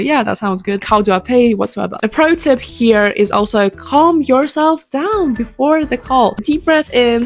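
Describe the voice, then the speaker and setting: A young woman giving casual, direct sales coaching straight to camera, close to a microphone, with chatty filler words. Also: mid-range voice. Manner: direct, upbeat, conversational with filler likes. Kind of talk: casual talking-head advice.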